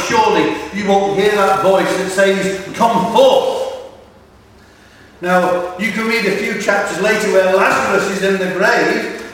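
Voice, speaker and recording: A man preaching a sermon, earnest and deliberate, asking rhetorical questions and quoting scripture, recorded in a large church hall. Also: sits high, fairly bright tone, a little hiss or hum. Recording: echoey hall heard from far off.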